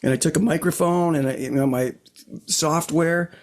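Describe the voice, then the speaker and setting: A man's voice: fairly high pitch, normal speed. A middle-aged man co-hosting a casual guitar chat, talking in a rambling, reflective way with frequent "you know what I mean" asides into his own desk mic. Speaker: podcast co-host. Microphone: own desk microphone.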